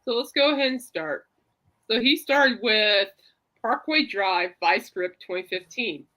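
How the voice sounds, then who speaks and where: Woman, podcast host, bright tone, rambling casual chat. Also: medium pitch, animated, unhurried, rough recording. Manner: chatty, reassuring, rambling.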